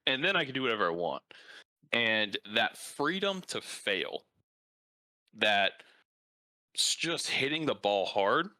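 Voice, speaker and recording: A podcast host who is also a baseball coach leads a casual interview, telling animated stories packed with "like" fillers. His medium-pitched voice is slow and pauses often, with no room sound in the recording.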